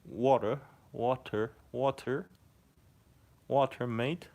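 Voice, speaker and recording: Man putting on an exaggerated Australian guy, high voice, bouncy sing-song delivery, cheery, says mate constantly. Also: fairly even intonation, slow, a little mellow. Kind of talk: livestream impression.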